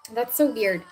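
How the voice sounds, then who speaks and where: A woman hosting a casual live tarot reading, chatting with viewers and often clearing her throat. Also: a little high, darkish tone, poor audio.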